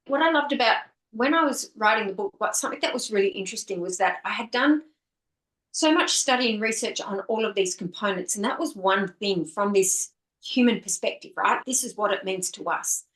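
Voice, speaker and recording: A woman's voice: mid-range voice, expressive, a little fast, a bit bright, reverberant, low-quality recording. A woman author speaking as an interview guest, earnest and flowing, often stringing words into lists. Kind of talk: reflective conversational interview.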